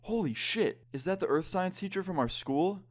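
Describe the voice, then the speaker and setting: A man putting on the voice of his drunk young friend, yelling with excitement. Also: high-pitched, normal speed, pitched above the performer's own voice. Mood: excited.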